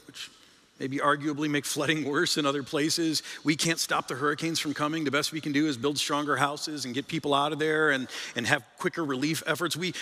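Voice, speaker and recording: A man with a bright, forceful voice pitched a little high preaches on a stage microphone. He talks in a conversational way and lifts his pitch and volume sharply to stress a point. The sound rings on in a large church hall. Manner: conversational, rises in pitch and volume for emphasis, repeats words. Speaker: pastor. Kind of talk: sermon. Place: church sanctuary. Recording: long reverb of a large hall.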